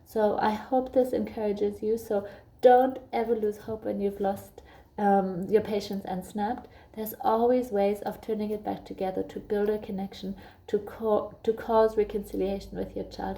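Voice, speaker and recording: A young woman speaks in an earnest, gentle way, reflecting on parenting for her viewers. Her voice is very dark and mellow, with a noticeable gravelly fry. She talks at a medium pitch, like she is confiding in a friend. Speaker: parenting vlogger. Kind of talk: reflective personal talk.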